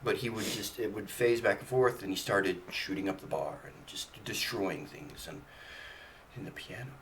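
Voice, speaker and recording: A man's voice: fairly low pitch, normal speed, a bit bright, a little hiss or hum. A man playing a tabletop game, speaking hesitantly with playful drama. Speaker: player. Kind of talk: in-character tabletop play.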